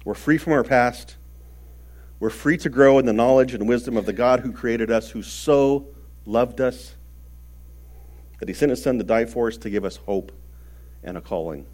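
A man preaching a sermon earnestly, stressing words and swinging between loud and soft. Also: medium pitch, brisk.

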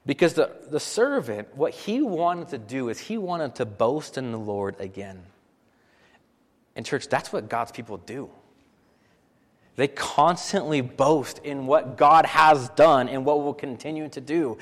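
A man preaching a sermon as pastor, animated and full of rhetorical questions, often repeating phrases for emphasis. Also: medium pitch, measured pace, long reverb tail.

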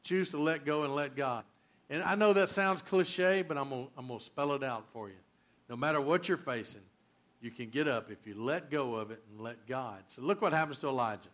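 A male pastor preaching a sermon, emphatic and repetitive, swinging between loud and quiet. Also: mid-range voice, brisk.

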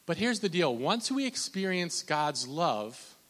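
A man, likely in his thirties, preaching a conversational sermon with lots of restarts and fillers, loud on his points and slow on scripture. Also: a little high, long reverb tail. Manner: animated, pushes loud on emphasis, drawn-out slow scripture quotes. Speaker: pastor.

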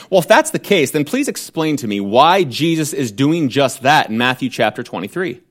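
A man's voice: medium pitch, very animated, a little fast, few pauses. A man preaching a sermon, emphatic and direct, with rhetorical questions and wry asides.

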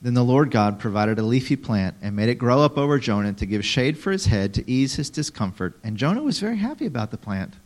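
Male preacher, mid-range voice, animated teaching style with dramatic read-alouds and asides to listeners. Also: medium pitch, a little fast, few pauses. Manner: animated, acts out quotes dramatically, talks to audience members. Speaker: pastor. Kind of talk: sermon.

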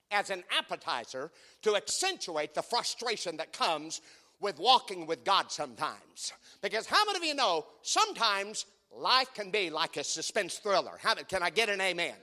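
A male pastor preaching a sermon with animated storytelling and call-and-response to the congregation. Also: high-pitched. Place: church sanctuary. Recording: long reverb of a church hall.

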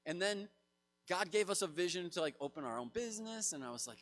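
A man in his thirties preaching a sermon in a casual, animated way, acting out quoted voices. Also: high-pitched, brisk. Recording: long hall reverb.

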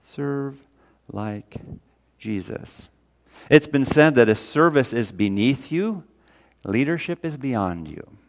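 A preacher with a mid-range voice swings widely in pitch while keeping a measured pace. He's a pastor giving an energetic sermon that's homespun and earnest, growing loud on scripture quotes and briefly tearing up.

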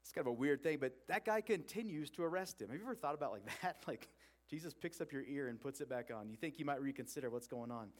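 A man's voice: medium pitch, lively intonation, fast talker. A man preaching a sermon, retelling a story with acted-out quotes in an earnest way.

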